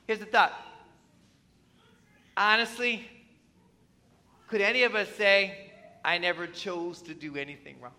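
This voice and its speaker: Bright-voiced male preacher. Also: high voice, steady tone, unhurried, long pauses. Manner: emphatic, conversational, asks the congregation questions. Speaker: pastor. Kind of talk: sermon. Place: church.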